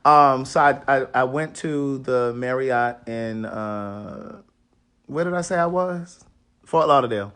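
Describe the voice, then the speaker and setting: A raspy-voiced man from Maryland, an author hosting a casual livestream from a hotel room and greeting viewers by name. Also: medium pitch, slow pace, a bit bright.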